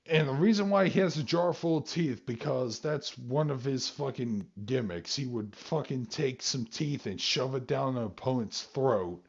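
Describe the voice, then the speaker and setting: A man hosting a podcast in casual chat, animated and swearing freely. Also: mid-range voice, normal speed, hardly any pauses, slightly rough. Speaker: podcast host. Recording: dull lo-fi sound.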